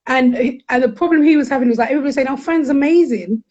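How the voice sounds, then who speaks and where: A woman's voice: high voice, highs cut off. A middle-aged woman, speaking candidly as a guest counsellor and acting out quotes in her stories. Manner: animated, frank, quick to act out quotes. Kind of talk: candid conversational storytelling.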